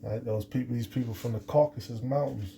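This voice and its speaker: A man's voice: mid-range voice, fairly even intonation, fast talker, creaky, dark tone, a little hiss or hum. A man giving an unscripted scripture lesson, rambling with many restarts and fillers. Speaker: scripture teacher.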